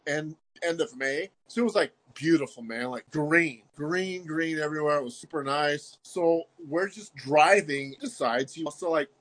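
A man with a bright, forceful voice spins a rambling anecdote on a casual chat show. He keeps checking in with "right?" and leans on "like". His pitch sits a touch high for a man. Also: moderate pace, few pauses. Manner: animated, peppers story with "like" and "right?". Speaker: guest. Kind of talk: casual storytelling.

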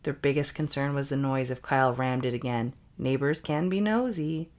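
Woman podcast cohost reading a story out, really low voice, brisk and even. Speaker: podcast co-host. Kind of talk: comic reading of an erotic story.

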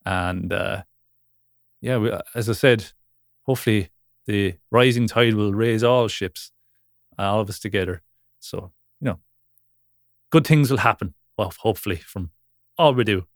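A man's voice: lowish voice, measured pace, pauses often, no room sound, studio quality. A man with an Irish accent co-hosting a podcast, chatting in a laid-back, blunt way and swearing casually. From Ireland. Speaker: podcast co-host. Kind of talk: casual chat.

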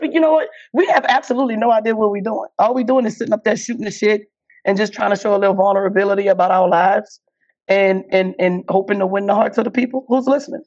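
A woman comedian, chatting in a casual interview, laughing and acting out what people said. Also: medium pitch. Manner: animated, laughing, acts out quotes. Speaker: comedian guest. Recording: dull lo-fi audio.

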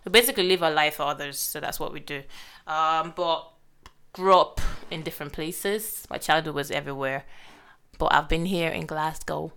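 A young woman with a Nigerian accent, co-hosting a casual podcast chat in a chatty, animated way. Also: low-pitched, moderate pace, clear, resonant tone. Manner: chatty, laughs often, animated. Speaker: podcast co-host.

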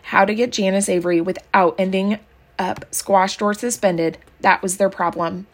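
A woman narrating a children's novel aloud, calm and even in her read-aloud style. Her voice sits in an ordinary middle pitch for a woman. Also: normal speed. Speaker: audiobook reader. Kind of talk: storybook narration.

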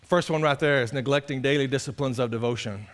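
A male pastor preaching an animated, impassioned sermon. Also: mid-range voice, quick pace. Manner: animated, impassioned, acts out voices of others.

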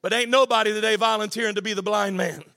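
High bright-voiced preacher, sing-song and shouting. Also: male voice, fairly even intonation, quick pace, vocal fry. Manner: impassioned, rising to shouting and sing-song cadence. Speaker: pastor. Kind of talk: sermon.

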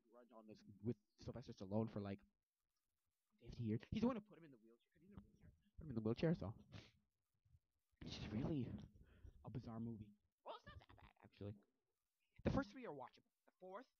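Rambling man with a lively voice. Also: medium pitch, husky. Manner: rambling, filler-heavy, animated. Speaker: movie vlogger. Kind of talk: casual rambling movie recap. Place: home desk at a computer. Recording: dull lo-fi audio, dry.

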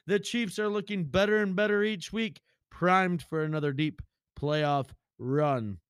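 A man hosting a casual sports podcast, chatty and loose, with the odd swear word. His voice is a little higher than most men's and sounds dry and close. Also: measured pace, clean tone, dry recording.

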